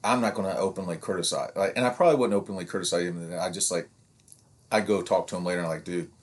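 This podcast co-host, a youth sports coach in his fifties, has a low voice with fairly even intonation and talks fast. He rambles casually, restarts his thoughts, and mimics what parents told him.

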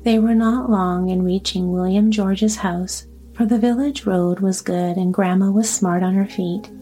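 A woman narrating a storybook in a calm, even way. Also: mid-range voice, a little slow, soft background music. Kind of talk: storybook reading.

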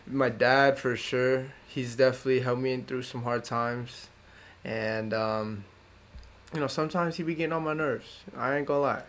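A young man co-hosting a podcast, chatting casually in relaxed slang and acting out the people in his stories. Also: normal speed. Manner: laid-back slang, acts out his dad in a higher voice. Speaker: podcast co-host. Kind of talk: casual chat.

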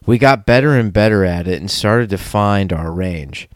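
Low-voiced man reading a letter aloud. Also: normal speed, no echo, studio quality. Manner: lively, laughing, loose. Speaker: podcast host. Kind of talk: casual chat, reading a listener letter.

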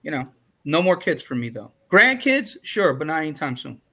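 A man in his forties talks candidly on a podcast, his words looping through restarts and asides. His voice is bright and sits a touch high for a man. The delivery is loose and conversational. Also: sing-song, moderate pace, husky. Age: 40s. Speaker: podcast co-host. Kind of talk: casual chat.

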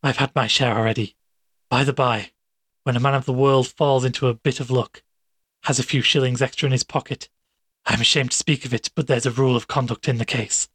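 A man voicing a smooth, domineering male doctor who talks in a persuasive, coaxing way. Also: mid-range voice, steady tone, fairly quick, a bit bright, dry recording, clean studio sound.

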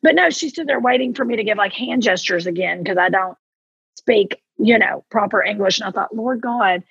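Husky Kentucky woman telling lively stories. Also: mid-range voice, brisk, no echo, dull audio. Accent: Southern US, Kentucky. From Eastern Kentucky. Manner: animated storyteller, acts out quotes. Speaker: podcast guest. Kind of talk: casual interview chat.

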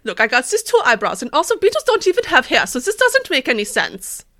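A woman voicing a grumpy, bearded old settler man who complains loudly and indignantly. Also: high voice, huge pitch swings, quick pace, pitched above the performer's own voice, exaggerated voice.

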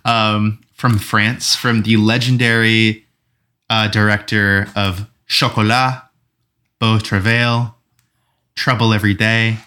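A man with a low but bright, forceful voice, hosting a relaxed movie podcast. He talks with casual enthusiasm, laughs easily and drops the odd swear word. His tone stays conversational and loose. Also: takes it slowly. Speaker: podcast host. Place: room recorded together in person.

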